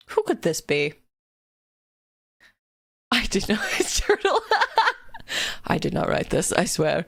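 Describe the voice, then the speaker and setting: A woman's voice: medium pitch, vocal fry, no room sound. A woman streamer chatting casually on a live stream. She is giggly and swears freely, talking into a desk mic at home.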